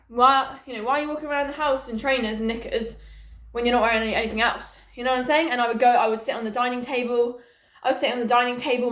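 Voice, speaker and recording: A woman's voice: on the high side, fairly bright tone. A young woman telling funny childhood stories on her vlog, chatty and sweary, with jokey asides, recorded on a camera mic in a room at home. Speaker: vlogger. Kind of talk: casual storytime chat. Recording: echoey room.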